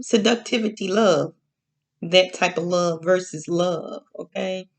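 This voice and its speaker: Teaching from the Bible in a relaxed, sermon-like way, this woman speaks at a fairly low pitch. She moves slowly, repeats herself, checks in with "okay?" often, and lingers on key words.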